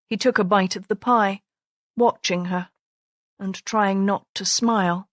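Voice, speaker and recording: Woman narrator, steady mid voice, slow and measured, dry close read. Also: medium pitch, no room sound. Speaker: audiobook narrator. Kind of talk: scripted narration.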